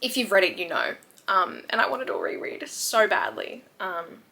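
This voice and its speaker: A woman's voice: medium pitch, big pitch swings, moderate pace, gravelly, sharp tone. A woman in her twenties chatting casually and enthusiastically about her favourite books, gushing with frequent fillers. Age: 20s. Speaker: book reviewer. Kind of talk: casual book review vlog.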